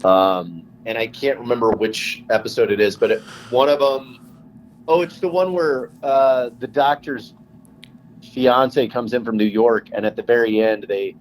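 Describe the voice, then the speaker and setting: A man's voice: mid-range voice, a little slow, a little hiss or hum, low-quality recording. A man co-hosting a podcast, chatting casually and telling stories with lots of energy and easy swearing. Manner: animated storyteller, swearing casually. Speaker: podcast co-host. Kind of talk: casual chat.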